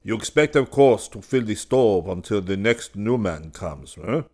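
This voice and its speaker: A man's voice: on the low side, lively intonation, a little slow, a little mellow. A man doing a majestic, condescending studio boss. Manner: condescending, teasing. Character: haughty studio head student, grown man.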